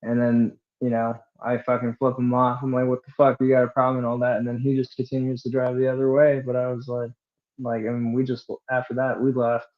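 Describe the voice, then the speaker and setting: A man's voice: medium pitch, monotone, a little fast, dull audio. A man co-hosting a casual podcast, telling a loose, rambling, profane story with lots of fillers. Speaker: podcast co-host. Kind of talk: casual chat.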